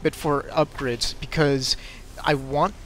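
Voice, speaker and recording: A young man commentating his own game replay as a tutorial, excitable and quick to get flustered in the fights. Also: on the high side, slight background noise.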